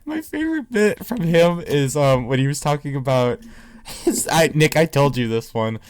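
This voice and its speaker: A man's voice: on the high side, big pitch swings, normal speed, no room sound. A young man co-hosting a podcast, telling stories in casual chat and laughing often. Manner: laughs often, rambling storytelling. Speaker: podcast co-host.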